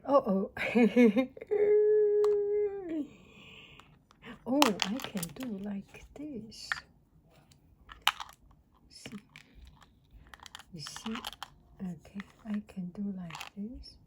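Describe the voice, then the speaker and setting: Brief: woman, very slow soft half-whisper, unboxing vlog, clicking noise behind. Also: mid-range voice. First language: Mandarin Chinese. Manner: soft, often half-whispered, excited exclamations. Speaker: teacher.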